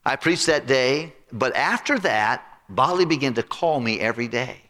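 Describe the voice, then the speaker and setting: A male pastor telling a personal story in an animated, conversational sermon. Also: medium pitch, normal speed. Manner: animated, conversational anecdote with repetitions. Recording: reverberant hall.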